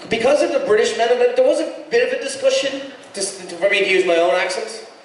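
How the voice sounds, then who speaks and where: A man's voice: very high-pitched, animated, brisk, a little hiss or hum. An Irish man chatting with fans in a casual panel Q&A and rambling through many restarts and fillers. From Ireland. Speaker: actor on a convention panel. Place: large convention hall with audience. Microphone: handheld mic recorded from the audience by a camera. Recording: echoey hall, camera far from stage.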